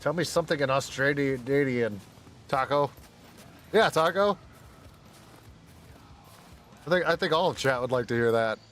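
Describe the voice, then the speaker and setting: A man's voice: medium pitch, a little fast, a bit bright, slight background noise. Profane, jokey male game streamer. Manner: loose, profane, jokey, often laughing. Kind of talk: casual live-stream gaming chat.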